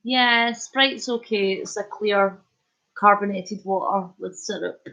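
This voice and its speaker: A woman's voice: medium pitch, takes it slowly, sharp tone, dull audio. A woman hosting a casual live stream, chatting and joking as she reads viewer comments. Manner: chatty, jokey, punning, laughs often. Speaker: livestream host.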